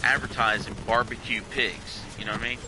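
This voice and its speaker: A man's voice: fairly low pitch, fairly even intonation, brisk, noisy background. A man from Delaware telling a long, rambling story while gaming with friends, repeating himself and laughing as he goes. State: has been drinking. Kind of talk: casual chat while gaming.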